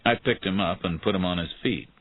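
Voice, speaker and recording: Deep, husky male storyteller. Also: fairly quick. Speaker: narrator. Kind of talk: scripted narration of a graded reader. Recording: tinny phone-like sound.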